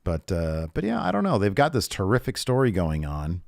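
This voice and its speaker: A man co-hosting a casual wrestling podcast, talking excitedly with many fillers and restarts. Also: low-pitched, fairly quick, creaky, dry recording, clean studio sound. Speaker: podcast co-host. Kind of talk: casual wrestling recap chat.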